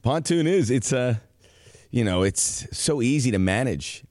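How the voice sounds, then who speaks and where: A man co-hosting a casual sports podcast, joking and animated with quick asides. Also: mid-range voice, no echo, clean studio sound. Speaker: podcast co-host.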